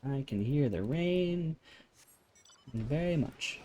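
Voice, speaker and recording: Soft-spoken, chill man streaming a game. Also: on the high side, animated, slow pace, slight background noise. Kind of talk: casual chat while gaming. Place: home room with rain on the ceiling.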